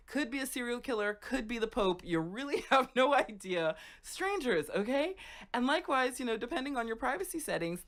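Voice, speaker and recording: A woman host from Florida telling a casual, chatty story, often checking in with "right?" and "okay?". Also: mid-range voice. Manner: animated, conversational, frequent "right?" and "okay?".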